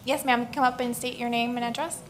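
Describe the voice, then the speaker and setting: Brisk high-voiced woman chairing meeting. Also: fairly even intonation, a little hiss or hum. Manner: brisk, procedural.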